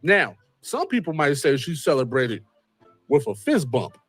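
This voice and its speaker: A man hosting a casual commentary show, animated and wry, with a repeated catchphrase and joking asides. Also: medium pitch, measured pace, husky, faint music behind. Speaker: host. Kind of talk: casual commentary on a court case.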